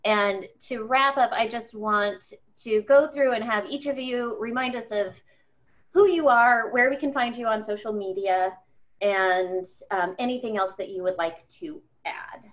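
A woman moderates a panel in a calm, organized way. The recording of her voice sounds dull and slightly muffled. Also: fairly high pitch, measured pace. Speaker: panel host. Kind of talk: hosting a panel discussion.

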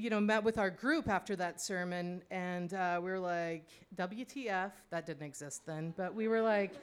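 A woman telling a personal story in a conversational, wry way, full of asides and fillers. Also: medium pitch. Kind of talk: personal storytelling, spoken monologue.

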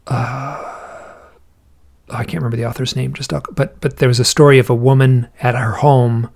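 Man, gravelly voice, interview guest, musing storyteller, thinks aloud. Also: medium pitch, flat delivery, moderate pace, a little mellow. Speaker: interview guest, researcher of alien encounter accounts. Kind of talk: casual interview talk.

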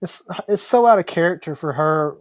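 A man's voice: fairly high pitch, expressive, moderate pace, dry recording. A man co-hosting a casual film review podcast, raising criticisms with frequent stammering restarts. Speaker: podcast co-host.

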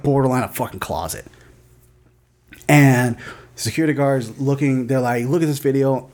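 A man in his thirties co-hosts a podcast with easygoing, profane chatter. His voice sits at an ordinary middle pitch as he strings stories together with plenty of fillers. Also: darkish tone. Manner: loose storytelling with frequent swearing and fillers. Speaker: podcast co-host. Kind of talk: casual chat and anecdote.

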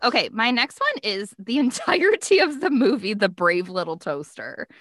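A woman's voice: a little high, sing-song, moderate pace, a bit bright, studio quality. A woman co-hosting a podcast over a video call, easygoing and chatty, often echoing her friend's words. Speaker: podcast co-host.

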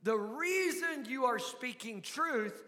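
A man's voice: very high voice, expressive, takes it slowly, bright, forceful tone, big-room sound. An older man with a Southern US accent preaching a sermon, folksy and asking the congregation questions. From American South. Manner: folksy, asks the crowd questions. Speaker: pastor.

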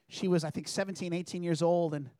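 Male preacher, slightly high voice, earnest and chatty delivery, dry close sound. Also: steady tone, fast, mellow, no room sound. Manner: earnest, conversational, reads scripture aloud. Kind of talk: sermon.

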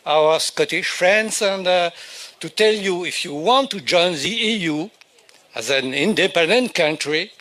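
An older man with a French accent, a native French speaker giving a halting speech at an outdoor rally. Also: high-pitched, lively intonation, bright, forceful tone. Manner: halting, searching for English words.

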